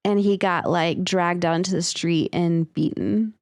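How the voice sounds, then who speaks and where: A woman's voice: lowish voice, fairly even intonation, a little slow, a little mellow, no echo, studio quality. A woman co-hosting a casual podcast, chatting easily with fillers and laughter. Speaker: podcast co-host, former teacher. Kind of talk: casual chat.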